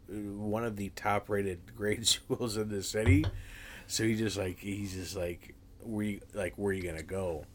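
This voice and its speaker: A man's voice: fairly low pitch, slight background noise. A man, podcast co-host telling a rambling story in casual chat, stammering and swearing a lot.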